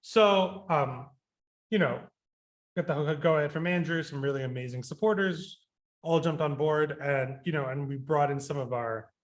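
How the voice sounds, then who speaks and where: A man, a composer, talking in a radio interview, rambling with many fillers and restarts and getting animated when he quotes himself. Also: a little high, moderate pace.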